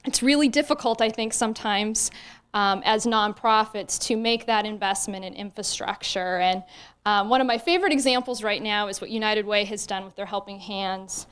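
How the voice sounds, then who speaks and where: American woman giving a panel talk, smooth clear voice, lots of ums. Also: medium pitch, moderate pace, a bit bright. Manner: earnest, many "um" fillers. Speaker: panel speaker. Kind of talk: prepared public talk.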